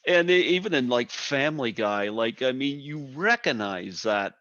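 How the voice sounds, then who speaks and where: A man's voice: mid-range voice, expressive, normal speed, fairly bright tone. A man hosting a casual interview, mostly dropping in brief agreements and laughs. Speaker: podcast host. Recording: dry, dull lo-fi mic.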